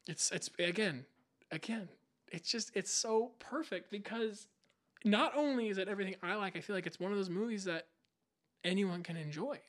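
A man's voice: sits high, normal speed, a bit bright. A young man co-hosting a podcast, chatting casually and enthusiastically, rambling and acting out movie scenes. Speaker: podcast co-host. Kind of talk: casual chat.

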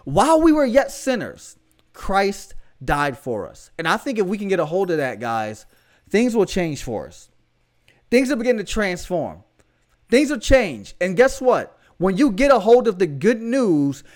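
Fervent young Southern preacher, high voice. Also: male voice, very animated, normal speed. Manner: fervent, conversational preaching with slang asides. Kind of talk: podcast sermon.

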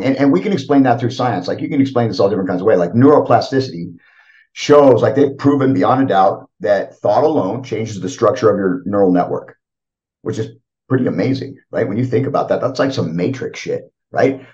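A man's voice: mid-range voice, darkish tone. A middle-aged man talking casually as a podcast guest, rambling with lots of fillers and frequent "right?" checks. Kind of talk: casual reflective talk. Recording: dull lo-fi audio.

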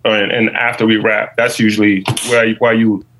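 A man who makes films, speaking as a guest in an earnest, halting way with many restarts. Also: on the low side, level tone, a bit bright, slight background noise, low-quality recording. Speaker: guest, filmmaker. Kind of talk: casual interview chat.

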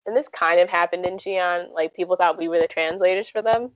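A woman's voice: lowish voice, brisk, no room sound. Young woman, casual storyteller, filler-heavy chat, dull dry recording. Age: 20s. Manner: chatty, frequent "like" and "um" fillers. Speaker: guest.

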